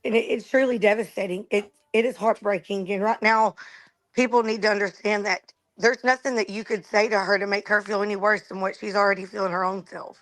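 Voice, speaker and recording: A woman's voice: mid-range voice, steady tone, fairly quick, a bit bright, low-quality recording. A woman speaking as a guest on a panel chat, sympathetic in tone and often repeating words as she starts a thought.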